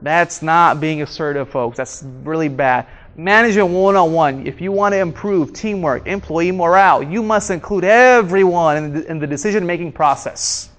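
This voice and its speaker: A male instructor leads an interactive seminar in a training room. He throws questions at the audience and acts out his examples with animated energy. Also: fairly high pitch, moderate pace, few pauses. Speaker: workshop instructor.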